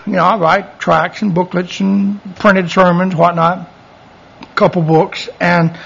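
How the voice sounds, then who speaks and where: A man's voice: high voice, gravelly, bright, forceful tone, husky, lo-fi sound. A man preaching a folksy, conversational sermon, acting out bits of dialogue and chuckling as he goes.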